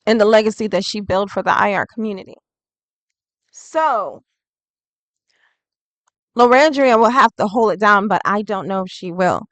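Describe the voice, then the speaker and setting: A woman's voice: fairly high pitch, no echo, poor audio. A woman doing a casual tarot reading vlog, chatty and rambling, full of "like". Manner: chatty and rambling, heavy use of "like". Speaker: tarot reader.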